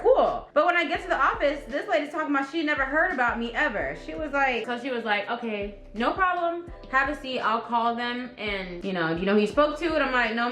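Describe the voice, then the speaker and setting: A woman's voice: mid-range voice, echoey room. A young woman vlogging, animatedly retelling a story and acting out what people said. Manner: chatty, animated retelling with quoted voices. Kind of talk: casual storytelling to camera.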